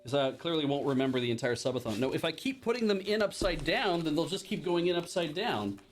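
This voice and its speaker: A livestream host with a slightly high, expressive voice talks fast over faint background music. He rambles casually while unboxing items and playing games, poking fun at himself and swearing now and then.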